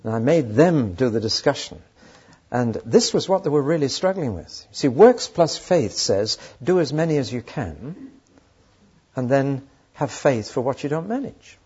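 A man's voice: mid-range voice, very animated, unhurried, a little mellow, slightly rough. An older man preaching a sermon, telling stories and asking emphatic rhetorical questions. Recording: dull lo-fi sermon recording.

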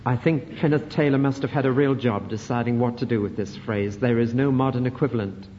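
A man's voice: mid-range voice, brisk, warm tone, a little hiss or hum. A British man preaching a sermon, emphatic and fond of repeated rhetorical questions. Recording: dull recording in a reverberant hall.

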